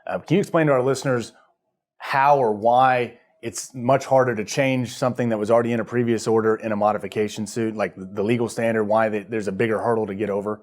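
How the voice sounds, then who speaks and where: A man's voice: lowish voice, fairly even intonation, fast talker. A man co-hosting a legal podcast, steering the guest with conversational questions. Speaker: podcast co-host. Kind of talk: podcast interview.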